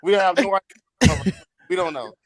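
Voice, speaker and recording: A man's voice: high voice, normal speed, dry recording. A man telling a long, profane story in casual podcast chat, laughing as he goes.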